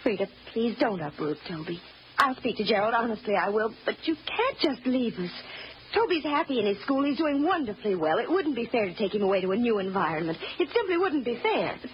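A woman's voice: fairly high pitch, very animated, brisk, a little hiss or hum. A woman acting a well-spoken widowed mistress of the house in an old radio drama, pleading and soothing. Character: genteel widowed mother of the house. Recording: dull lo-fi old radio recording.

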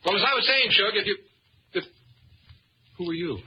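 In the style of 1940s radio comedy, an actor plays a nervous, stammering young ladies' man with a high, animated, breathy, jittery voice at a moderate pace, all heavily acted. It comes through as a muffled old radio recording with faint hiss.

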